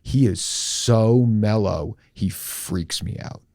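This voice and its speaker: A middle-aged man tells a personal story on a podcast, candid and animated, with his pace lurching between slow and quick. His voice sits fairly low, and the close mic gives a dry sound with no room around it. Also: gravelly, dry recording. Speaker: podcast host.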